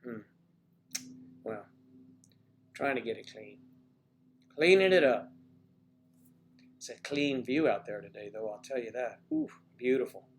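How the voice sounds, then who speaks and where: A man's voice: mid-range voice, expressive, unhurried, pauses often, slight background noise. A man hosting a casual livestream from home, chatting in a joking, rambling way that drifts between topics. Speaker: livestream host.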